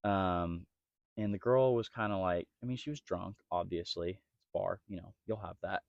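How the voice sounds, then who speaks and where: A young man with a fairly low voice co-hosts a casual podcast and tells stories, acting out the lines of the people in them. The recording sounds dry and slightly dull. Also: moderate pace, gravelly, dry recording. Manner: storytelling, animated quoting of others. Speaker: podcast co-host. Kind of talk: casual chat.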